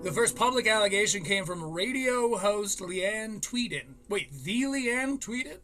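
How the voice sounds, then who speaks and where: A man's voice: high voice, expressive, a little slow, pushed and bright, soft background music. A man hosting a podcast, telling a story in a casual, profane way and often laughing between lines. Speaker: podcast host.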